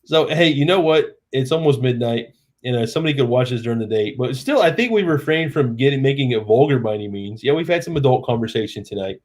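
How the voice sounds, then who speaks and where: Hosting a live stream, a man talks fast in a mid-range voice. He spins out a long, meandering tale with easygoing self-mockery and voices the lines of each character in it.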